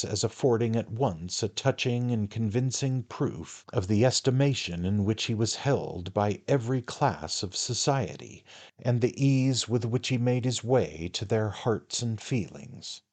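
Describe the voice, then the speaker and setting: A man narrating a classic novel aloud in a measured, formal manner. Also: lowish voice, animated, a little mellow. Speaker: audiobook narrator.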